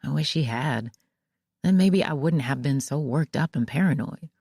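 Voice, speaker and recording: A woman narrating a mystery audiobook in the first person, with measured storytelling. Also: sits low, expressive, mellow, husky, no room sound, studio quality.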